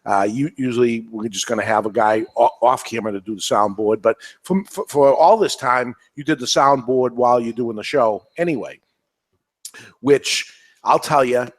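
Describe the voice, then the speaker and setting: A man's voice: medium pitch, normal speed. A man with a New England accent, hosting a cigar podcast in casual panel chat, rambling and emphatic, repeating himself.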